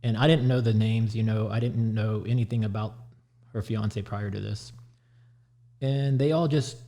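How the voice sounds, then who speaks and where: A man's voice: lowish voice, moderate pace. A man who runs a paranormal show, telling a story casually on a podcast and acting out the quotes. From Houston area, USA. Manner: animated, retells quotes. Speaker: guest, paranormal investigator.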